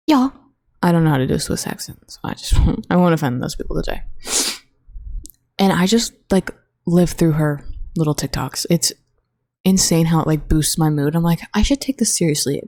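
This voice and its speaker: Young woman podcaster, low and mellow, rambling and profane, flat bored delivery, dry close mic. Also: no room sound. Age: young adult. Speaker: college student podcast host. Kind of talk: casual solo podcast monologue. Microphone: own desk microphone.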